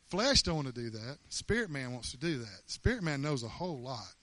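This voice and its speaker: A man preaching a sermon in an animated, emphatic way, often laughing as he talks. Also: mid-range voice, fast talker, hardly any pauses.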